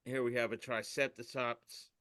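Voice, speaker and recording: A man's voice: medium pitch, flat delivery, normal speed, bright, forceful tone, dry recording, clean studio sound. A man co-hosting a podcast, reading memes aloud in casual chat and tripping over his words with a giggle. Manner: stumbling, giggly reading with tongue slips. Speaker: podcast co-host.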